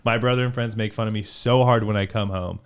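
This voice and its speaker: A young man from California with a Californian accent, talking casually as a podcast host, animated and full of fillers and swearing. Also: fairly low pitch, fast talker, clean tone. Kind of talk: casual chat.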